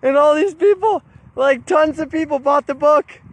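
Man, high voice, casual storytelling outdoors, lots of restarts and repeats. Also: normal speed, dry recording. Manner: animated retelling with frequent restarts and repeated words.

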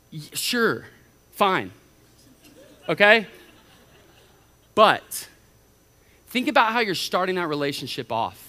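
A middle-aged man, a college pastor preaching a sermon in an animated way, often acting out the voices of the people he quotes. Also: on the high side, brisk. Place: church auditorium. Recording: reverberant church hall.

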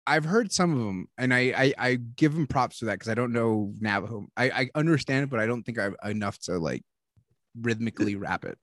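Giggly, animated young man telling stories. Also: medium pitch, brisk, no room sound, clean studio sound. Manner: animated, laughing storyteller who swears often. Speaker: podcast co-host. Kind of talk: casual storytelling chat.

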